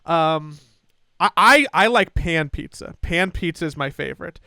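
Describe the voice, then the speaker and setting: A young man with a fairly high, smooth and resonant voice tells a story on a podcast. He chats casually and animatedly, slipping into the voices of the people in his tale. The sound is close and dry, with no room around it. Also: a little slow, no room sound. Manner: animated, acts out family members' voices. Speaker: podcast co-host.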